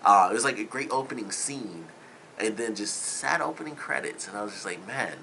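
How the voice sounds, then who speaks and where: A man's voice: lowish voice, animated, fairly quick, gravelly, background noise. A man giving a casual spoken movie review, rambling loosely with lots of "like" and "you know.".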